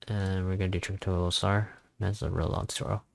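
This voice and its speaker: Slow, gravelly low-voiced man. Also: flat delivery. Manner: rambling, offhand, self-deprecating. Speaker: tutorial host. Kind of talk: casual screen-recording tutorial.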